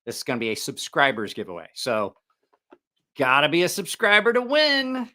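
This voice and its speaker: Middle-aged male livestream host, bright, crisp tone, casual and rambling. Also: a little high, wildly swooping pitch, normal speed. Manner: rambling, with many fillers and restarts. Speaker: knife channel host.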